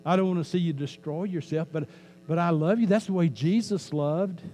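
Mellow-voiced man preaching a sermon. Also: a little high, normal speed, poor audio. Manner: conversational preaching with jokes, repeats phrases for emphasis. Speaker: pastor. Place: church sanctuary. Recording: faint mains hum.

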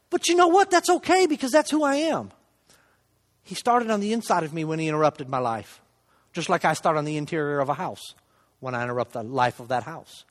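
High-pitched man preaching in an echoing hall. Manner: conversational, self-deprecating, swings between loud emphasis and hushed asides. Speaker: lay preacher giving a testimony. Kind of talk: sermon testimony. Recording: long reverb of a church hall.

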